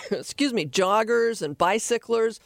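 A woman hosting a radio talk show, giving animated, rambling dog behavior advice from a studio. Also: fairly high pitch, slow pace, no echo.

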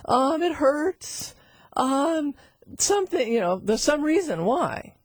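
A middle-aged woman teaching animal communication through a chatty, animated personal story, with frequent asides to her listener. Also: sits high, slow pace, no echo, clean studio sound. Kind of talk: storytelling lesson.

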